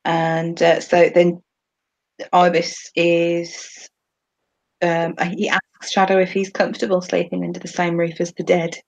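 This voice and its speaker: A woman's voice: fairly low pitch, monotone, unhurried, gravelly, a little mellow, highs cut off. A woman co-hosting a podcast, chatting casually about a TV episode and laughing often as she talks. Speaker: podcast co-host.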